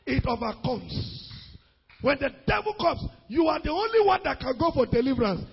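A man preaching a sermon as pastor, rising into sung and shouted emphasis. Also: very high voice, very animated, moderate pace, creaky, in a large hall, muffled recording.

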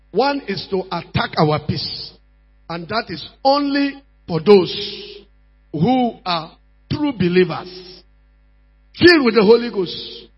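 A male preacher with a high, husky voice drives his sermon with emphatic repetition, dropping low then rising to shouts. The recording is dull and lo-fi, with mains hum underneath. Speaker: pastor.

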